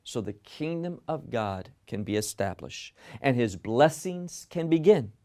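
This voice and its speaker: A man's voice: medium pitch, expressive, unhurried, dark tone. A man teaching a Bible passage in sermon style, emphatic, often asking questions and answering them himself. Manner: emphatic, asks and answers his own questions.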